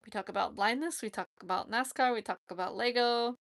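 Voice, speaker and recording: Giggly chatty woman with a gravelly voice. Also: a little high, a little fast, fairly bright tone, dry recording. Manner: chatty, giggly, self-teasing. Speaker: YouTube channel host. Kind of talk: casual livestream chat.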